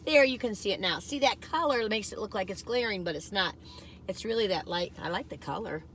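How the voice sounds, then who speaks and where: A woman's voice: medium pitch, lively intonation, brisk, fairly bright tone, a little hiss or hum. A chatty woman vlogging a food taste test, rambling as she eats and laughing often. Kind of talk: casual chat.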